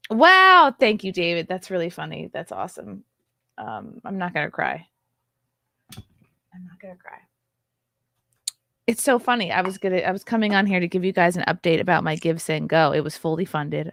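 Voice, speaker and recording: A woman's voice: fairly low pitch, gravelly, dry recording, studio quality. A woman in her thirties hosting a casual livestream, gushing and chatty with lots of fillers. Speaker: livestream host.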